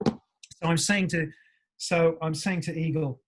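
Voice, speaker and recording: Male actor from england, husky voice, animated storytelling, acts out voices, swears. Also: on the high side, a little slow. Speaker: actor guest.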